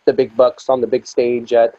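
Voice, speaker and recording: A man's voice: mid-range voice, flat delivery, moderate pace, dark tone, dry recording, dull audio. A man interviewing a guest, polite, asking long rambling questions with hesitant restarts.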